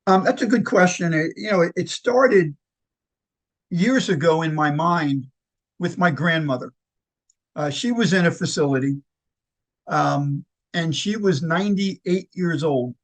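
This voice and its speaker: A man who founded a nonprofit tells personal stories in an interview, halting with fillers and restarts and acting out the quoted lines. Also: fairly high pitch. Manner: lively anecdotal storyteller who acts out quoted lines. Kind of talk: conversational interview storytelling.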